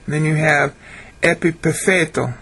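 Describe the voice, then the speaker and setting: A man giving a screen-share Bible lesson, sounding out Hebrew and Greek words slowly and correcting himself as he goes. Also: fairly high pitch, husky. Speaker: Bible teacher.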